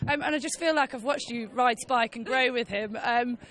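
Gushing, chatty woman presenter, slightly high. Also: moderate pace, a bit bright. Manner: gushing, chatty, openly emotional. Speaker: equestrian show presenter. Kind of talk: casual trackside interviewing.

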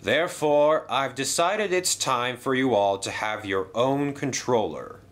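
A man's voice: medium pitch, a little slow, lightly acted. A man voicing a formal, authoritative older male railway boss in a toy train story.

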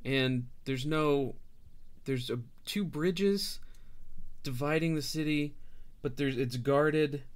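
A man's voice: a little high, slow pace, clean tone, voice pushed up. A man voicing a frightened, ragged human mother who rambles anxiously in a raised voice.

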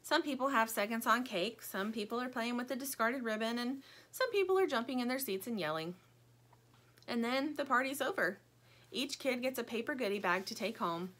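A woman reads a children's story aloud with playful, expressive timing. Her voice is bright and fairly high, and it rises and falls lavishly. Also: normal speed. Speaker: audiobook narrator. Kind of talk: children's book reading.

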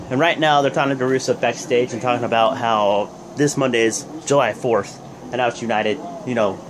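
A young man hosts a wrestling review vlog, recapping in a rambling, joking way full of fillers. His voice is medium-pitched and moves at a normal speed, with a noisy hum in the background.

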